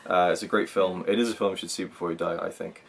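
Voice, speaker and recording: A man's voice: sits low, steady tone, quick pace, creaky, slight background noise. A man co-hosting a film review, chatting casually and enthusiastically, rambling with many restarts. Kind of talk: casual chat.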